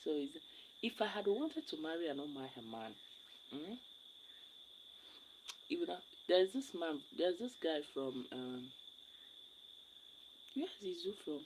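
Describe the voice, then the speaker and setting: A woman's voice: sits low, big pitch swings, unhurried, pauses often, noisy background. A young Nigerian woman with a Nigerian accent, chatting casually with viewers on a live stream and rambling, repeating her words.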